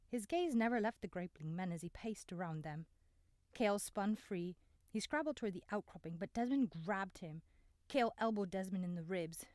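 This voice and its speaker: A woman narrating a novel in an even, measured reading voice, close to the mic. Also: medium pitch, no room sound. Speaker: audiobook narrator. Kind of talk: scripted narration.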